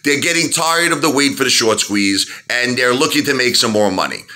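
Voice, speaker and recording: A man vlogging about stocks in an excitable, rambling monologue, dropping "baby" asides. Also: medium pitch, fairly quick.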